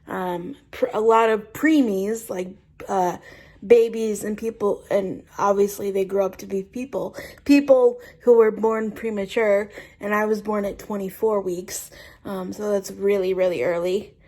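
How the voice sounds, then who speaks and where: A woman's voice: medium pitch, fairly even intonation, measured pace, warm tone, rough recording. A woman vlogging outdoors in a rambling, chatty way, full of fillers and restarts, filming herself with a handheld camera. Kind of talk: casual vlog chat. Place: outdoors on a windy, sunny day.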